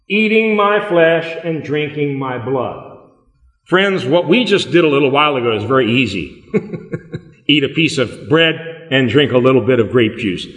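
A man preaching a sermon as a pastor, emphatic and slowing down on key words. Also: a little high, fairly bright tone. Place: church hall. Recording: echoey hall with long reverb.

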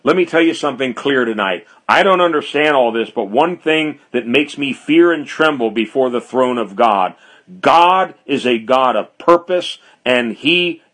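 A man preaching an expository sermon, speaking deliberately and driving his points home through emphatic repetition. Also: mid-range voice, a bit bright.

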